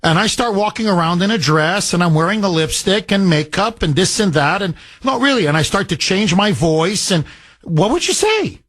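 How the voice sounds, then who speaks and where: A man's voice: high-pitched, big pitch swings, moderate pace, fairly bright tone, no room sound. A male radio talk show host, arguing his point with passion and acting out imagined conversations on a call-in show. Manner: impassioned, argumentative, acts out imagined dialogues.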